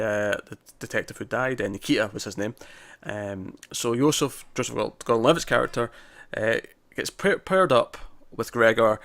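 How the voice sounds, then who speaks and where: A man's voice: fairly low pitch, creaky, fairly bright tone, no room sound. A man co-hosting a casual TV review chat, rambling with restarts and quoted lines. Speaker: podcast co-host reviewing a TV episode.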